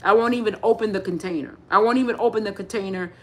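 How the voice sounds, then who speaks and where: A woman's voice: medium pitch, fast. A woman giving a live spiritual talk, rambling with many restarts and speaking straight to her listeners. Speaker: spiritual teacher.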